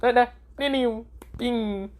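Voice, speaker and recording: Man putting on a flippant teen boy ninja in a storybook tale, raised pitch, teasing. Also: lively intonation, measured pace. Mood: cheeky. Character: cocky laid-back teenage boy ninja.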